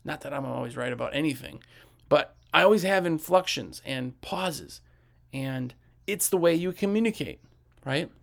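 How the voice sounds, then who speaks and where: A man giving casual business coaching tips, animated and conversational, asking rhetorical questions and acting out customers' voices. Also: a little high, normal speed, gravelly.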